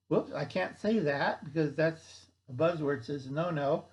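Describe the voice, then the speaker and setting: Folksy male host with a blunt rant, slightly high voice. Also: unhurried, hardly any pauses, poor audio. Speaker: channel host. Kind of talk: rambling monologue.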